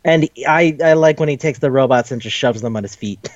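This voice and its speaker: A man's voice: mid-range voice, fairly quick, no echo, highs cut off. A man casually retelling a cartoon episode, swearing, laughing and jumping into the characters' voices. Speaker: podcast host. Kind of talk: casual recap chat.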